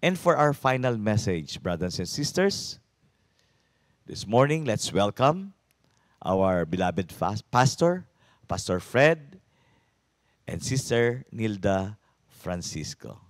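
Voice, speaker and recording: A man's voice: lowish voice, takes it slowly, long pauses, no room sound, clean studio sound. A man hosting a church service, introducing the pastors in a mix of Tagalog and English. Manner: lively, mixing Tagalog and English. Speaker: service host.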